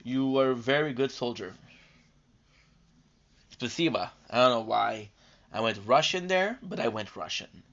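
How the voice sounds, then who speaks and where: A gaming streamer with a medium-pitched, gravelly, fairly bright voice talks at normal speed during live gameplay. Tired and coming down with a cold, he rambles chattily, full of fillers and restarts, over dull lo-fi stream audio.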